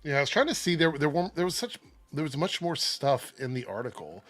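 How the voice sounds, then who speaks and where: Over soft background music, a man co-hosting a casual livestream reads a news article aloud in a fairly high voice, a little fast. He's animated and keeps breaking off to give his own opinions.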